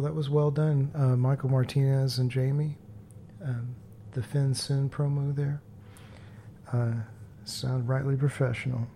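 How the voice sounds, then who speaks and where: A man working as a radio DJ, chatting casually in a relaxed, rambling way with lots of fillers, from a studio microphone. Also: mid-range voice, a little hiss or hum.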